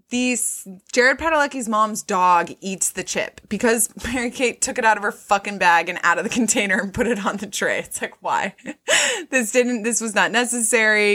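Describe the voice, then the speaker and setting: A woman's voice: mid-range voice, sharp tone. A woman co-hosting a podcast, chatting casually and animatedly, quoting film scenes in put-on voices and swearing freely. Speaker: podcast co-host. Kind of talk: casual chat.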